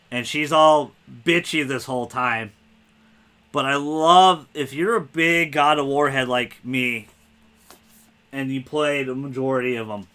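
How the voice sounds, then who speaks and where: Bright-voiced excited podcast host man. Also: mid-range voice, clear, resonant tone. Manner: excited, rambling, swears freely. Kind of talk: casual spoiler podcast chat.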